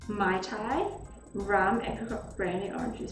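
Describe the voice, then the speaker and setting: A woman's voice: fairly high pitch, expressive, a little slow, recorded from a distance. A young woman streaming live, chatting casually and rambling as she reads drink recipes aloud to her viewers. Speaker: livestreamer. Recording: roomy echo, off-mic, faint music.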